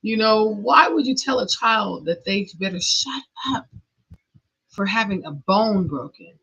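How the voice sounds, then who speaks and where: A middle-aged woman hosting a podcast speaks at medium pitch with an animated, measured delivery; her voice is gravelly and sharp with a breathy edge. She shares a personal story earnestly and emotionally, laughing nervously, on a dull lo-fi recording.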